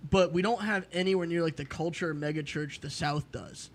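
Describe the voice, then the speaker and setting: A man from Iowa, a comedian guest chatting casually with quick, wry jokes. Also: fairly high pitch. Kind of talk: casual chat.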